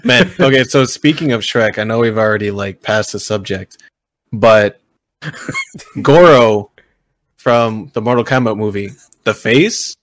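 A man co-hosting a podcast, chatting in a relaxed, offhand way. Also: lowish voice, a little slow, no room sound. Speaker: podcast co-host. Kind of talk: casual podcast chat.

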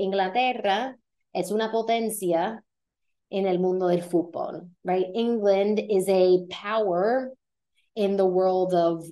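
A woman hosting a casual vocabulary lesson in a chatty way, often slowing down to repeat words and model their pronunciation. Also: mid-range voice, dark tone. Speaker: language teacher and podcast host. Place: Puerto Rico.

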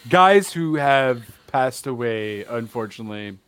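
A man's voice: medium pitch, expressive, a little slow, fairly bright tone, clean tone, dry recording. A man co-hosting a casual podcast chat, laid-back, mostly chiming in with short remarks. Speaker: podcast co-host.

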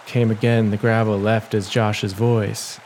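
A man giving a measured, dramatic reading as the narrator of his own audio adventure story, in a noisy home recording. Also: lowish voice, little pitch movement, darkish tone. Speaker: storyteller and writer.

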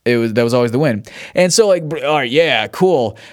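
A man talking solo on his podcast in a loose, rambling way, at an ordinary middle pitch. He swears freely, breaks off and restarts his sentences, and chuckles between thoughts. His voice is recorded dry and close, with no room sound. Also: expressive, fairly quick, no room sound. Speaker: podcast host. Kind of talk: casual solo monologue.

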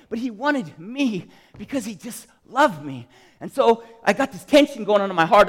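A man's voice: high voice, expressive, normal speed. Man, preacher, impassioned sermon, near tears, long church reverb. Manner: impassioned, swings from yelling to soft tearful speech. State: crying. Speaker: guest preacher. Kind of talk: sermon testimony.

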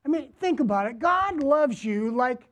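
A man preaching a sermon as pastor to his congregation, deliberate, repeating phrases and asking them questions. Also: very high-pitched, lively intonation, fairly bright tone. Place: church, before a congregation.

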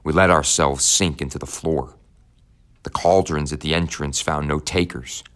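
A man narrating an audiobook in the first person, in a measured, somber tone. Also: rumbling low, fairly even intonation, a bit bright.

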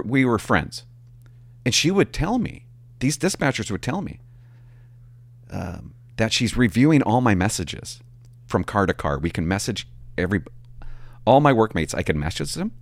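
A man, a former police officer telling stories in a casual, animated and profane way. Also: lowish voice, no room sound. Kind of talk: casual storytelling to camera.

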